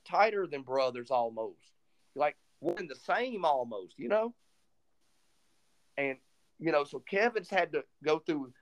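Casting: male podcast co-host, slightly higher voice, lively storyteller. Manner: animated retelling, acts out quoted dialogue. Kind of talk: casual storytelling chat.

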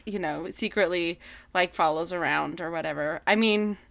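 A woman's voice: fairly low pitch, moderate pace, vocal fry. A woman in casual book chat who laughs a lot and acts out little quoted voices. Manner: giggly, animated, acts out quotes. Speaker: book club discussant.

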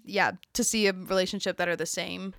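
A woman's voice: lowish voice, steady tone, brisk, gravelly, a bit bright, dry recording, clean studio sound. A young woman co-hosting a podcast in casual chat, often laughing and quoting scenes. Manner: giggly, quotes scenes in bursts of laughter. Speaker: podcast co-host.

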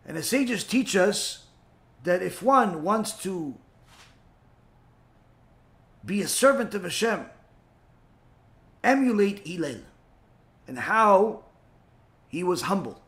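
Male teacher, high voice, lively storyteller who acts out his characters. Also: slow pace, pauses often. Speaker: Torah teacher. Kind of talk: storytelling lesson.

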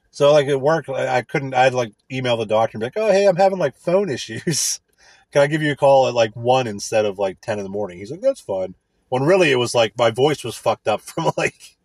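Man, husky voice, crude sarcastic rambling, close dry sound. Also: mid-range voice, no room sound. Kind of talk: casual profane rant.

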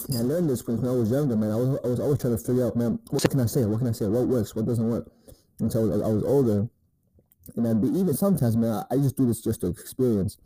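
A man's voice: mid-range voice, fast, dark tone, husky, rough recording. A man giving laid-back, profane dating advice in a rambling casual monologue, often asking "you know what I mean".

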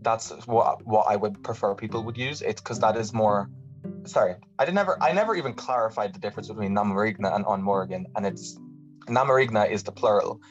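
An Irish man talking as a podcast guest in a lively, casual way, often restarting his sentences. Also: lowish voice. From Ireland. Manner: animated, talks fast with many restarts. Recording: dull lo-fi audio with faint music.

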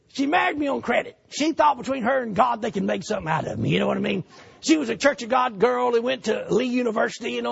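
An older man, preaching a sermon as a folksy, animated storyteller. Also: very high voice, creaky, slightly rough. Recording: dull lo-fi recording.

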